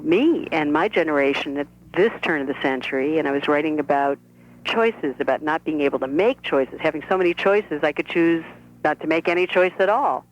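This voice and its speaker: Woman playwright, phone-in guest, thoughtful and animated, dull telephone sound. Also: low-pitched. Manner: reflective, animated, many restarts. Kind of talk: phone interview on radio.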